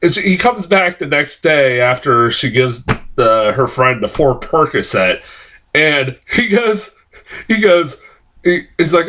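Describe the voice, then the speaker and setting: A man giving a casual, rambling film review, swearing a lot and stumbling through restarts, jumping higher whenever he quotes a line. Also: moderate pace. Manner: rambling, heavy swearing, many fillers and restarts; jumps to high, excited pitch when quoting lines.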